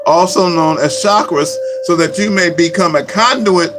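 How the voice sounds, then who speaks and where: High-voiced man teaching with music behind. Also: rough recording. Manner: slow, repetitive, chant-like phrasing. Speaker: Reiki teacher. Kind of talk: spiritual teaching talk.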